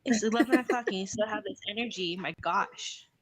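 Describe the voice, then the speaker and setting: A woman's voice: mid-range voice, fairly quick, husky, no room sound. A young adult woman hosting a casual live stream chat, talking in a rambling way with many restarts.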